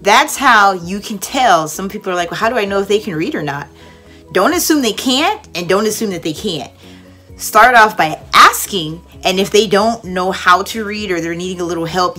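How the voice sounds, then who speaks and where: A young woman mentoring online English teachers in a casual, lively way, acting out a cheerful classroom voice at times. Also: on the low side, moderate pace, soft background music. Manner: lively, demonstrates with exaggerated teacher voice. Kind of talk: casual instructional talk.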